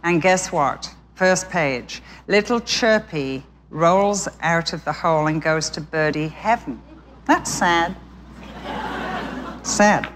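A woman Bible teacher giving a sermon as an expressive children's story. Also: on the low side, slow pace, slight background noise.

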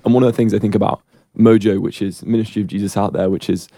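A man with a low, mellow voice talks in a measured, reflective way as a radio guest. The sound is dry and close to the mic. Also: flat delivery, creaky, dry recording. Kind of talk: casual radio chat.

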